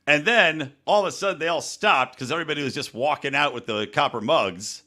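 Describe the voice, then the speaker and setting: A man hosting a podcast, telling crude, animated stories in casual banter with friends. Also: fairly high pitch, brisk. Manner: animated storyteller, jokey and crude. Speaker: podcast host.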